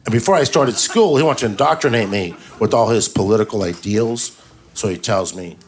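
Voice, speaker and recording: A man doing a stand-up comedy set on a club stage, telling stories in a deadpan way and slipping into quick put-on voices for the characters. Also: lowish voice. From Southern California. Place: comedy club stage before a live audience. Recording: live club recording, loud audience noise.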